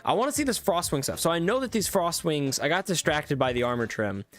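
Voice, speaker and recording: A man's voice: on the high side, expressive, brisk, a bit bright, soft background music. A young man casually commenting on a live stream, chatty and enthusiastic with lots of fillers. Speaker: streamer reviewing viewer-made game mods.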